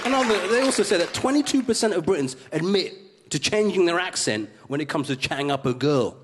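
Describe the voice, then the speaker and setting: Cheeky stand-up comedian. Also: male voice, fairly high pitch, slight background noise. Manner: cheeky, animated, quick punchlines. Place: studio comedy stage with audience. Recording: live stage with loud crowd.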